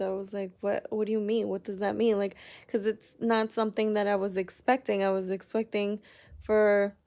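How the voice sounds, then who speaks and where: A young woman speaks to her viewers in a casual personal vlog, her delivery narrow and monotone. Her voice drags with gravelly vocal fry at a middling pitch. She rambles candidly, leaning on "like" and sounding upset. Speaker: vlogger.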